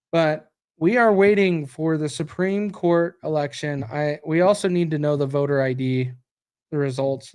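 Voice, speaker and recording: A man's voice: fairly high pitch, clear, resonant tone. An American man hosting a casual podcast stream, tired and rambling as he reacts to news and viewer comments. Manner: rambling, reacts aloud to results and chat. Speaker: podcast host.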